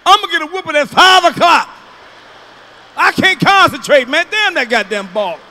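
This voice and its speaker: A man doing a loud, profane stand-up comedy routine, telling stories with sudden shouts. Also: very high voice, expressive, moderate pace, slight background noise.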